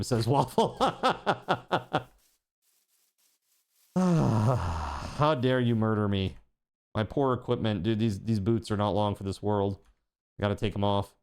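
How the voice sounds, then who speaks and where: A man's voice: medium pitch, smooth. A man streaming a video game, chatting casually with his chat, telling a story and laughing often. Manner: laughs often while telling stories, reads chat aloud.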